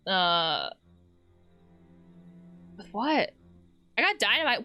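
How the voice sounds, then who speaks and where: A woman narrates a video game as she plays it, reading each character's lines aloud. Her voice sits a little high and sounds bright and clear. Her pitch rises and falls a great deal from line to line. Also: very animated, a little slow, soft background music. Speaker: let's play host.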